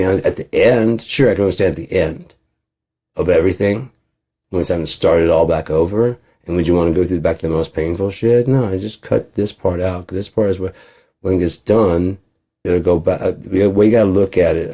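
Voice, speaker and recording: A man's voice: deep voice, normal speed, warm tone. A man rambling in a casual monologue, profane, acting out both sides of imagined conversations. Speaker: channel host.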